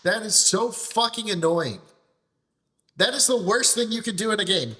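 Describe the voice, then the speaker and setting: A man's voice: high voice, expressive, normal speed, sharp tone. A man streaming a game, ranting in frustration and swearing heavily, often restarting his phrases as he vents. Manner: repeats and restarts phrases while venting. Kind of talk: live gameplay commentary.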